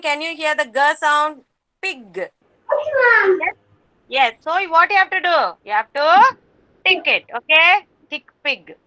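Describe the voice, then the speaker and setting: A woman leads a young children's class over a video call. Her voice is high and bright, and she talks slowly, repeating each word for them. The sound is dry and close. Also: dry recording. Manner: slow, patient, repeats words for young children. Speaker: kindergarten teacher. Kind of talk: online class teaching.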